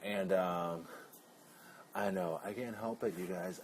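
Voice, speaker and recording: A man's voice: sits low, a little slow, darkish tone, slight background noise. A man vlogging in a casual, rambling way, full of playful asides. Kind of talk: casual chat.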